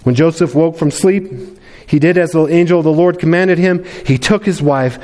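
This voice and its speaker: Pastor, male, high-pitched voice, chatty sermon delivery with frequent restarts. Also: moderate pace, a little mellow. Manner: conversational, with many restarts and repeated words.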